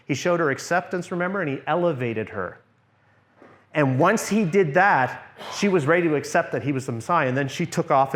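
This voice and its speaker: Man teaching a church workshop. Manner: conversational, checks in with "okay?"; drops into a soft low voice for examples.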